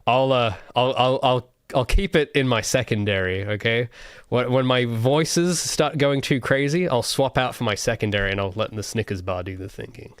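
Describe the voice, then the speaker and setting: A man's voice: mid-range voice, normal speed, no echo, studio quality. An Australian man chatting casually on a livestream as a solo game developer, rambling with self-mocking jokes and frequent restarts. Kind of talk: casual livestream chat while drawing.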